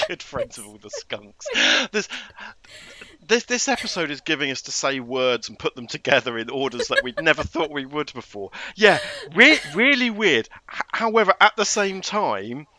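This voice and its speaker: A man co-hosting a casual film-review podcast. He talks in an animated way, laughs often, and restarts his sentences. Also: on the high side, moderate pace. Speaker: podcast co-host.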